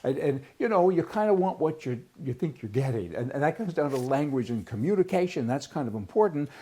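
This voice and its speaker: A man's voice: on the high side, very animated, a little fast, warm tone, husky. A man from Canada giving a blunt, rambling opinion monologue, restarting his sentences and breaking into sudden exclamations. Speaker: political commentator.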